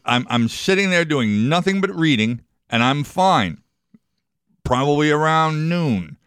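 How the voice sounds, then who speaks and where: Joking radio guy, smooth clear voice a bit on the high side, dry studio. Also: fairly bright tone, no room sound. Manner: joking, playful, laughs easily. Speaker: radio show co-host. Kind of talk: casual radio banter.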